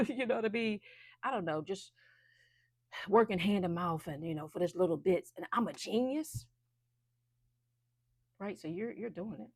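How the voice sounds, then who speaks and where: A woman's voice: medium pitch, no echo, clean studio sound. A woman giving a casual, chatty intuitive card reading, loose and full of fillers. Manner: chatty, loose, many fillers and restarts, laughs often.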